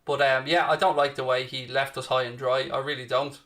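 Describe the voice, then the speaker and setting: A man's voice: mid-range voice, little pitch movement, brisk, a bit bright. A man hosting a football watchalong, calling the play and casually answering viewers' chat messages. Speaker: watchalong host. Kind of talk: casual match commentary and chat.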